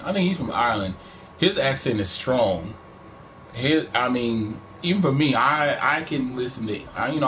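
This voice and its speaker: Medium-pitched and fairly bright, a middle-aged gaming streamer with a Texan country accent chats casually from home, with slight background noise. His let's-play talk rambles along, relaxed and full of profanity.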